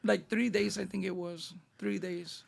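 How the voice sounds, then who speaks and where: La guy, middle-aged, raspy fry all over, high-ish voice, telling stories w/ lots of slang. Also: measured pace. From Northeast Los Angeles. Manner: animated street-slang storyteller, acting out dialogue. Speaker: guest. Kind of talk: casual storytelling interview.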